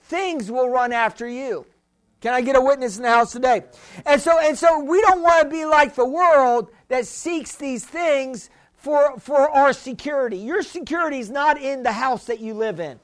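A man with a very high voice delivers a fervent sermon. He repeats key phrases and calls out to the congregation for a response. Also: normal speed. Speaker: preacher.

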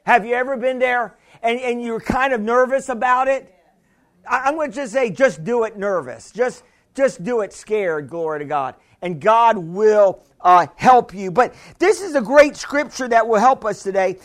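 Pastor, male, chatty sermon delivery with audience call-outs; extremely high voice. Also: moderate pace. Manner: chatty, laughing, calls and responses.

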